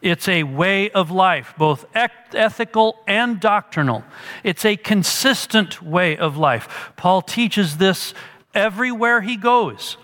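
A man's voice: high-pitched, lively intonation, slow, bright, forceful tone, big-room sound. A middle-aged man preaching a sermon in an earnest, expository way, stressing the verses he quotes.

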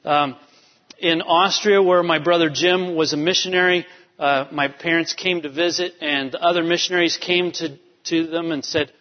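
A pastor telling a family story in a sermon, storytelling with many fillers. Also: male voice, a little high, steady tone, moderate pace. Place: church sanctuary. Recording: dull reverberant church hall. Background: long hall reverb.

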